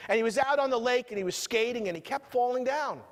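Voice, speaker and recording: A man with a New York accent giving an energetic keynote speech, telling stories and firing rhetorical questions at the audience. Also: very high-pitched, fast. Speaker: motivational keynote speaker. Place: conference hall at a resort. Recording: long hall reverb from a conference room.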